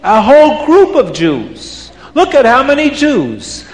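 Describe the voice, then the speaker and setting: A man's voice: very high-pitched, wildly swooping pitch, slow pace, pitched above the performer's own voice, full character voice. A man putting on a pair of gleeful scheming witches. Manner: gleeful, taunting, boastful. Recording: roomy hall reverb.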